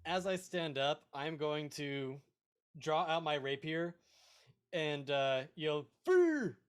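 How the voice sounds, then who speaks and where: A player in a tabletop game, excitable and stammering as they talk. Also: mid-range voice, slow pace, clear, resonant tone.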